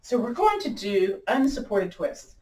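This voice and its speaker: A woman's voice: medium pitch, very animated, a little slow, dark tone. Chatty woman yoga teacher, distant echoey mic. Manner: chatty, laughs at herself, encouraging. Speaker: yoga instructor. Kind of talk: guided gentle yoga class.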